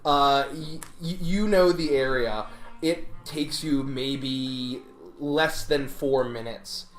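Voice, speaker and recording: A woman narrating a tabletop game as game master, halting with many fillers. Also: a bass voice. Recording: echoey room with music behind.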